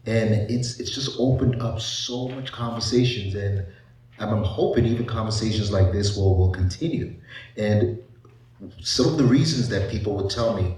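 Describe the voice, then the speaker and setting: A psychiatrist gives a conversational panel presentation to a live audience in a large, echoey event room, posing rhetorical questions and saying "you know" often. His voice is on the low side, a little mellow, at normal speed, picked up off-mic from a distance in the echoey hall.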